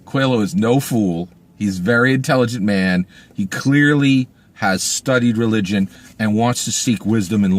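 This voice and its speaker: A man with a mid-range voice reviews a book casually, recorded with no room sound. He's emphatic and animated, acting out quoted speech and constantly asking "right?"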